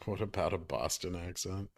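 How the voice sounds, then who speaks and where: Laid-back low-voiced man streaming. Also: normal speed. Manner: offhand, reads chat questions aloud, swears casually. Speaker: stock market streamer. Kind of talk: casual livestream chat.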